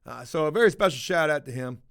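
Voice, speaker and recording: A man's voice: fairly high pitch, animated, quick pace, vocal fry, a bit bright, smooth. A man hosting a casual livestream, answering chat in a blunt, rambling, heavily profane way. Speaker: livestream host reading chat.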